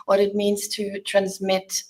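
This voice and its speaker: A woman's voice: medium pitch, completely flat delivery, unhurried, darkish tone. A woman hosting an interview, searching for words and repeating herself as she frames questions. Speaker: host. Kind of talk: interview conversation.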